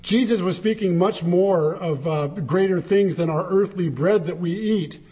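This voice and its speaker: A man preaching a sermon, emphatic and dramatic, with big swings of voice when he quotes. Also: measured pace. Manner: animated, emphatic, dramatic shifts in pitch when quoting.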